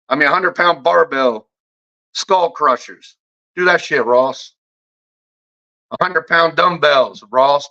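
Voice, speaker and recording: Guy going off in a sweary vlog rant, sharp forceful voice, keeps stumbling and repeating himself. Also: on the high side. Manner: profane, combative, heavy swearing; repeats and restarts words when heated. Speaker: fragrance reviewer. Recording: dull lo-fi audio.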